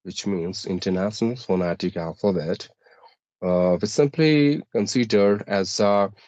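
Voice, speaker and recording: A man's voice: fairly low pitch, a little slow, darkish tone, no room sound, lo-fi sound. A man, an English teacher, explaining pronunciation and accent by going through numbered rules. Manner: methodical, lists numbered rules. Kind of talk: explaining English-speaking tips.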